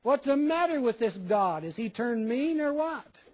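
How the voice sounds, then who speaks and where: Male preacher, high and husky; folksy sermon, quotes scripture, poses questions. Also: big pitch swings, measured pace, a little mellow, highs cut off. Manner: conversational preaching, rhetorical questions, reads scripture aloud.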